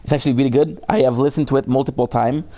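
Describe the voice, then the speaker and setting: A man's voice: medium pitch, fairly even intonation, very fast, warm tone. Tired, rambling male game streamer. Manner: rambling, filler-heavy, swears casually. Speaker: gaming streamer. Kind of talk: casual live gameplay chat.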